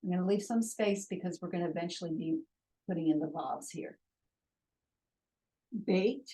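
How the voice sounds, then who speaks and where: A woman teaching a Hebrew lesson, slowly and patiently drilling vowel sounds and letters at a board in a classroom. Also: on the low side, warm tone, slightly rough, rough recording.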